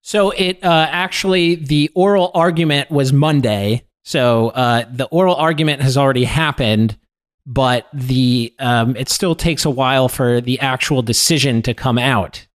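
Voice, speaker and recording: A male guest writer laying out a legal case in a measured, explanatory manner. He pauses on frequent "uh"s and "um"s as he works through the details, at a plain middle pitch. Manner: measured, hesitant fillers.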